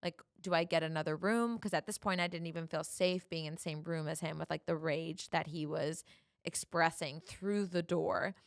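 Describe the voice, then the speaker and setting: Gravelly-voiced woman telling a dating story. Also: low voice, moderate pace, no room sound, clean studio sound. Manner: chatty, animated, quotes people in dialogue. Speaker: podcast host. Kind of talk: solo storytelling podcast.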